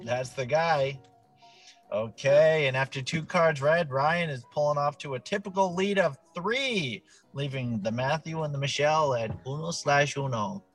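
A man's voice: on the high side, a little slow, soft background music. A man co-hosting a casual podcast and reading quiz cards in a playful, joking way. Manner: playful, jokey, animated. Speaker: podcast co-host, quiz reader. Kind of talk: casual chat.

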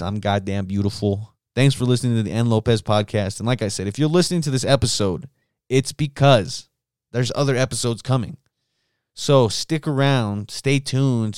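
A man hosts a solo podcast in a loose, rambling monologue full of swearing. His voice sits on the low side and sounds smooth and resonant. The recording is close and dry. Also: no echo. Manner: profane, rambling storyteller. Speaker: podcast host.

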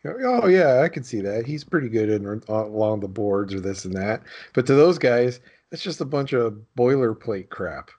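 A man's voice: lowish voice, moderate pace, hardly any pauses, a little mellow. A man in casual chat, making wry, joking asides.

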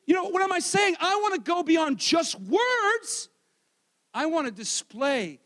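High-pitched, loud, lively preacher man. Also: a little slow, long reverb tail. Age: adult, married. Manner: energetic, loud preaching with self-deprecating asides; swings between shouting and quiet asides. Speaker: pastor. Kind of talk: sermon.

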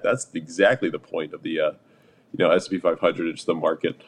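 A man co-hosting a podcast, chatting casually and telling animated stories, with slangy, swearing delivery. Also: sits low, fairly quick. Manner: animated storytelling, swears, says "dude". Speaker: podcast co-host. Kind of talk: casual chat.

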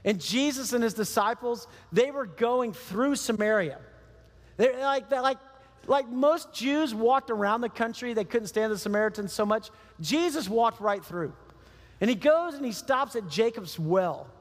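High-voiced preacher in a reverberant hall. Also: male voice, unhurried. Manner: animated storytelling, acting out quoted voices. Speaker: pastor. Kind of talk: sermon.

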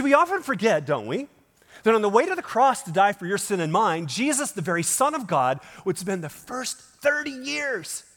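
A man's voice: sits high, a bit bright. A male pastor delivering a sermon in a church, emphatic and full of rhetorical questions. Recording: long hall reverb.

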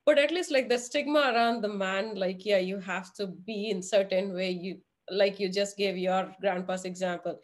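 A woman's voice: mid-range voice, normal speed, few pauses. A woman hosting a podcast interview, asking earnest, probing questions. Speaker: podcast host.

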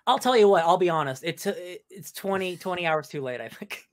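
A man chatting casually as co-host of a gaming podcast. He talks in an excitable, gushing way and often lets his sentences trail off half-finished. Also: high-pitched, fairly quick.

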